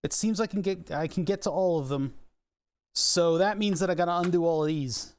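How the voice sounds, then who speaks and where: A man's voice: high voice, fairly quick. A man from Philadelphia with his local accent, chatting casually while taking apart a piece of studio gear on a live stream, muttering to himself and swearing at stubborn bolts. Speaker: electronics repair streamer. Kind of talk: casual live teardown chat.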